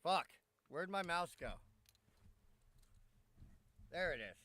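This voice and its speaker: A man's voice: fairly high pitch, lively intonation, slow, bright, forceful tone, dry recording. A man hosting a casual live stream, swearing freely, greeting his chat by name and griping at tech trouble. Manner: brash, swearing, talks to chat; irritated, muttering while fixing stream.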